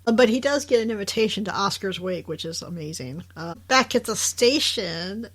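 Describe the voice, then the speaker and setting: Animated woman recapping a tv show. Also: medium pitch, normal speed. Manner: animated, laughs often, acts out characters' lines. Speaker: podcast co-host. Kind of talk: casual recap chat.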